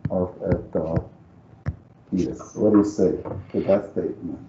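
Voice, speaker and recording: This math teacher, a man with a non-native English accent, has a deep, mellow voice and speaks at a measured pace, with a little hiss or hum in the background. He thinks aloud through a live calculus lecture and nudges students to go along with him. The sound is roomy, dull and lo-fi.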